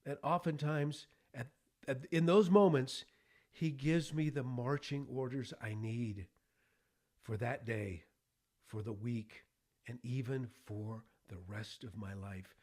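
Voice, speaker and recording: A middle-aged man hosting a devotional podcast, speaking earnestly and with deep feeling, at times choking up with emotion. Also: takes it slowly, darkish tone. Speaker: podcast host.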